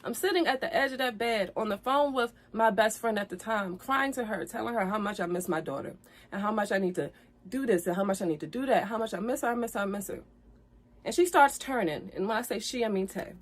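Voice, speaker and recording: A woman's voice: medium pitch, a little fast. A woman vlogger earnestly telling the story of a past relationship, apologizing often, repeating herself and growing heated and tearful. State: tearful at times. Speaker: vlogger telling her side of a breakup. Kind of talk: emotional storytime vlog.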